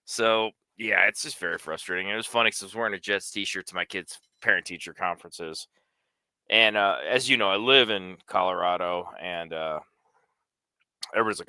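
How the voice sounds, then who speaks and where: A man's voice: low voice, a little fast, no room sound. A man co-hosting a casual sports talk show, blunt and heavy on swearing. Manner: profane, blunt, loud outbursts. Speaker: co-host.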